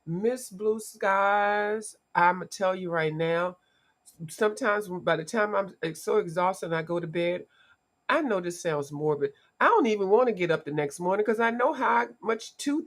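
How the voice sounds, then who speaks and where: A woman's voice: mid-range voice, normal speed. A woman hosting a casual livestream, congested from allergies and chatting with her viewers by name. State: congested from allergies, voice gone deep. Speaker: livestream host.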